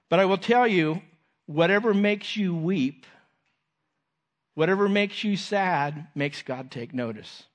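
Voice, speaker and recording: A man preaching a sermon to a congregation, earnest, repeating his phrases and letting lines fall softly at the end. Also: a little high.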